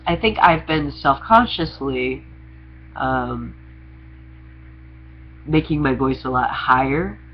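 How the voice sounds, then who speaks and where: A young trans man vlogs to camera at a medium pitch, rambling through a candid, confessional monologue laced with sarcastic humor. The recording has its highs cut off and a slight background noise.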